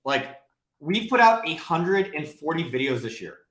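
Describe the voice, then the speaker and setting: A man's voice: a little high, normal speed. Profane, rambling man on a live stream. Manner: profane, blunt, rambling and animated. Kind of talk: casual livestream Q&A. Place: home office, livestreaming. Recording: roomy echo.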